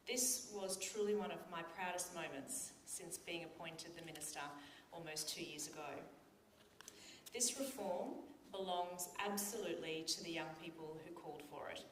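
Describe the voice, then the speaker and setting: A woman's voice: lowish voice, moderate pace, slight background noise. A woman, a government minister, giving an earnest, heartfelt formal speech to people at an event. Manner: earnest, heartfelt, emotional in places. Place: large function room. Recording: echoey room, mic from a distance.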